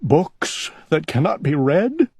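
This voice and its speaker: A man voicing a fretful, gentle male owl in a storybook reading, talking in an anxious, earnest, childlike way. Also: a little high, sing-song, slow, breathy edge, no room sound, clean studio sound, voice pushed up, full character voice. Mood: sobbing.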